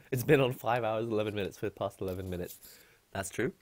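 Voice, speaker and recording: A man's voice: fairly low pitch, quick pace, darkish tone. A man chatting casually on a live stream from his apartment, rambling and laughing often.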